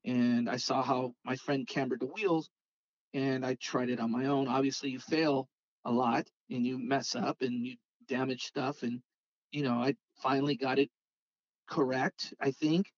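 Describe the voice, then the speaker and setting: Speaking at a measured pace with a medium-pitched voice, this Hot Wheels customizer from Southern California tells a meandering, casual tale about customizing toy cars. He livens up when acting out what his friends said, and the audio is dry and dull.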